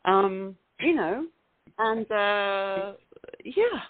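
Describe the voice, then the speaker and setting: A woman's voice: medium pitch, animated, extremely slow. A woman with a British accent, an actress guest chatting casually and agreeably in an interview. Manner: friendly, agreeable, laughs along. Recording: phone-like video call audio.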